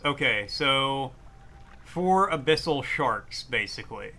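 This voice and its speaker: A man chatting casually as he plays a video game, reading its text aloud and reacting with excitement. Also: on the high side, moderate pace, a little hiss or hum. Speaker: streamer. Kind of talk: casual gameplay commentary.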